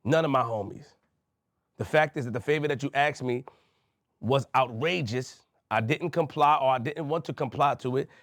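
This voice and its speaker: A man's voice: mid-range voice, normal speed, dry recording, studio quality. A man from Queens, a podcast host speaking to camera, emphatic and repetitive as he addresses someone directly. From Queens, New York.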